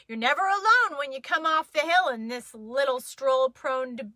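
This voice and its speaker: Woman, children's story reader, expressive, bright tone, dry recording. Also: sits high, moderate pace, no echo. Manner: playful and expressive.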